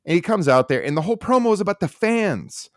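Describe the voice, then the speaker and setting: A man co-hosting a podcast, ranting bluntly and sarcastically about what he dislikes. His pitch swings widely as he talks. The sound is close and dry, with no room echo. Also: animated, fast. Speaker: podcast co-host. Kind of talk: casual opinionated podcast chat.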